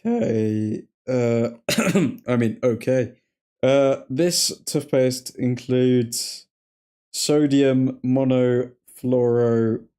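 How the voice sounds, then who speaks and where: A man's voice: medium pitch, extremely slow, warm tone, smooth. A man hosting a live watchalong stream, chatting casually, rambling between match moments and chat messages, and laughing often. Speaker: streamer host.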